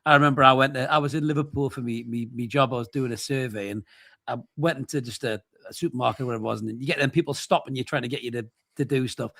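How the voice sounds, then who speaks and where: A man's voice: mid-range voice, vocal fry, sharp tone, no room sound. A man, co-hosting a football stream, chatting casually and telling anecdotes with swearing. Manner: fast, storytelling, swearing. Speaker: co-host.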